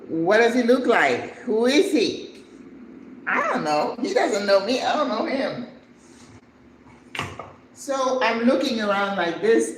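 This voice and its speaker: An older woman tells a story as she cooks, taking her time and acting out every person in it with a flair for drama. Her voice rings around a roomy, echoing kitchen, and faint background noise sits underneath. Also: lowish voice. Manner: animated, dramatic storyteller who acts out the people in her story. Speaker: cooking channel host. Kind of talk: casual storytelling while cooking.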